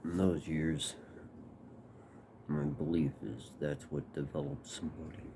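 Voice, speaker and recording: A man's voice: a bass voice, very animated, measured pace, creaky, noisy background. A man telling a personal story casually, swearing and acting out quotes.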